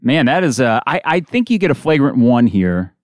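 Excited man calling basketball play-by-play. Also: mid-range voice, moderate pace, no echo, clean studio sound. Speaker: podcast host doing live game reaction.

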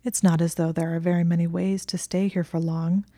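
A woman's voice: fairly low pitch, little pitch movement, fairly quick, warm tone, no room sound, clean studio sound, close to an everyday voice. A woman voicing a curt young witch librarian. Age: 20s. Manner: curt and clipped.

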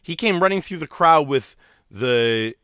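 Male co-host, low but bright, swoopy delivery, dry sound, wisecracking banter. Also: unhurried, smooth, no room sound. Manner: animated, jokey commentary with swearing. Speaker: podcast co-host. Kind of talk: casual wrestling banter.

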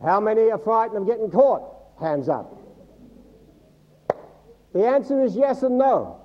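A man's voice: high voice, very animated, measured pace, dull audio. A male pastor preaching a sermon to a congregation, teaching from the Bible and quizzing the listeners with humorous asides. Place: church service before a congregation.

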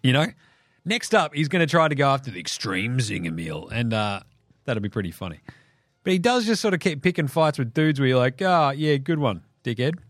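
An Australian man hosting a basketball podcast, ranting in an animated, profane way and laughing between jokes. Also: medium pitch, brisk, no echo, clean studio sound. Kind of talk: solo sports podcast rant.

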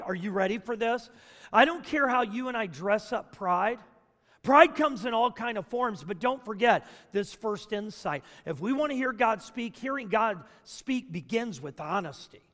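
High-voiced preacher in a big echoing hall. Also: male voice. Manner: dramatic, swings between loud and hushed. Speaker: pastor. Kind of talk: sermon. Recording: long reverb of a large hall.

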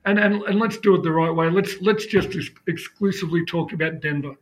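A man's voice: sits high, brisk. An Australian man co-hosting a sports podcast, chatting conversationally and steering the talk between topics. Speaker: podcast co-host. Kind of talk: casual chat.

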